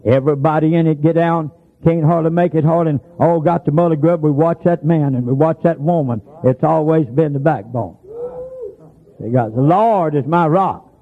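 A man preaching in a gravelly, husky voice, folksy and telling stories, now and then rising to loud emphatic hollers. The sound is thin and tinny, like a phone line. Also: fairly high pitch, fairly even intonation, moderate pace. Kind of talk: sermon.

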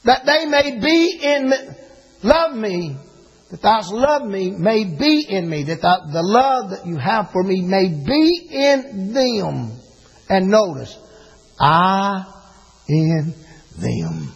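An older preacher with a strikingly high, husky voice. He moves between homely family stories and emphatic declarations, drawing out key phrases as he preaches. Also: poor audio. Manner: folksy storytelling, rising to emphatic preaching. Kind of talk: sermon.

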